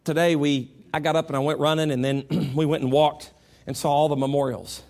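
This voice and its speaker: Male preacher, 40s, high-pitched, loud and soft by turns, stammering restarts. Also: little pitch movement, fairly quick. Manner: swings from shouting to quiet, stammers on restarts. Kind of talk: sermon.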